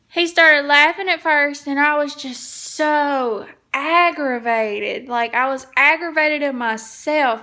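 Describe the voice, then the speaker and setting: A woman's voice: high-pitched, gravelly, pushed and bright. A woman, chatting to viewers in a casual home cleaning vlog and telling a story from her kitchen. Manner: chatty, tells stories to viewers. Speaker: vlogger.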